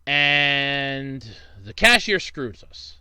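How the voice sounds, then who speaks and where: A man's voice: medium pitch, lively intonation, very slow, pushed and bright, clean tone, no room sound. A young man from Pennsylvania, a YouTuber casually answering viewer questions, rambling and swearing freely when he gets worked up. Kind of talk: casual Q&A monologue.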